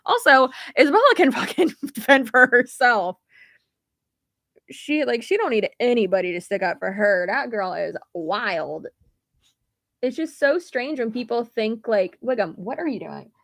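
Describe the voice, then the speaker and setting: A woman's voice: on the high side, expressive, measured pace, fairly bright tone, dry recording, studio quality. A young woman creator ranting in a casual livestream, blunt and rambling, swearing freely. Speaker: YouTube creator.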